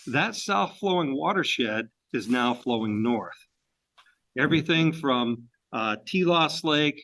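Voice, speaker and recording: A man from Maine tells a story-filled history talk to a club audience. His delivery is folksy and unhurried, full of fillers and restarts. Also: medium pitch, pushed and bright, poor audio. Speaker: presenter at a railroad club.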